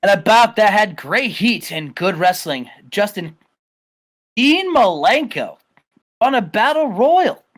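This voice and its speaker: A man hosting a casual game playthrough, retelling events in an animated, rambling way with lots of fillers. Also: sits high, slow pace. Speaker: host.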